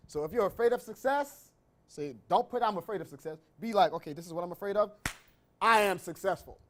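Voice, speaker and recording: A man's voice: high-pitched, animated, fairly quick. A man giving an emphatic motivational talk on stage, telling the audience what to write and repeating key phrases. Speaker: motivational speaker. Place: event stage.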